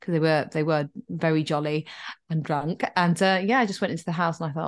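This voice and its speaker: In a deep voice, a little fast, a middle-aged woman co-hosts a podcast. She chats casually, spinning an animated story and acting out what people said.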